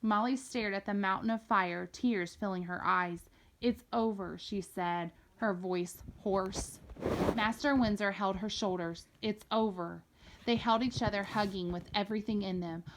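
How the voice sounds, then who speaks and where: A woman's voice: medium pitch, moderate pace, a little hiss or hum. Woman reading a novel aloud. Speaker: reader.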